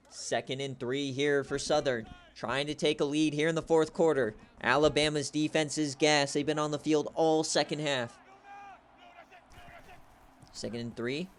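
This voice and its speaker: A young man giving play-by-play commentary on a video game football stream, excitable and shouting on big plays. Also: on the high side. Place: home setup, streaming.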